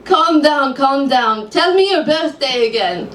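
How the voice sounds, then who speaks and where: A woman's voice: high-pitched, animated, unhurried, fairly bright tone, voice pushed up. A woman voicing a brusque older female psychic with a put-on Hebrew accent and clipped broken grammar. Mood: stern. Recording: echoey room, far mic, faint hum.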